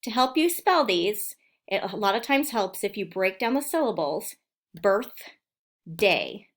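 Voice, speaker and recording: A woman teacher talks young children through a phonics lesson recorded for home learning. She speaks slowly and clearly and stretches out the sounds in each word. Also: mid-range voice, big pitch swings. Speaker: elementary school teacher.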